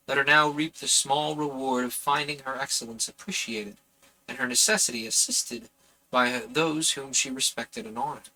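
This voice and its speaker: A man reads an old novel aloud for a live stream audience, earnest in the text and breezy in his self-deprecating asides. His voice is very bright and edgy, at a mid pitch for a man. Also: poor audio. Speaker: audiobook reader and streamer.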